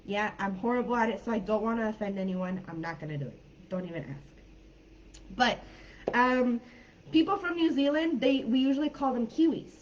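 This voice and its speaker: A woman's voice: a little high, brisk, muffled recording, a little hiss or hum. An American woman from California teaching a live online English class in a chatty, informal way, with many fillers and hedges. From California, United States.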